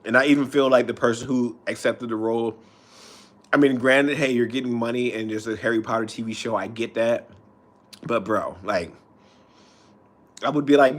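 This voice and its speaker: A man's voice: medium pitch, normal speed, long pauses. A man streaming, ranting in a loose, profane way with frequent restarts. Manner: profane, rambling, restarts often. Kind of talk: casual rant.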